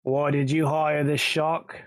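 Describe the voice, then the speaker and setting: A man's voice: on the high side, level tone, slow pace, no room sound. A man voicing a dogged investigator in a British gangster manner with a Cockney accent. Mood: probing. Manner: blunt, probing questions.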